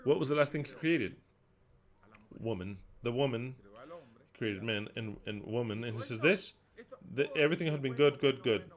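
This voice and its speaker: Male preacher, sermon, emphatic, loud scripture readings, quiet asides, mid-range voice. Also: mid-range voice, moderate pace.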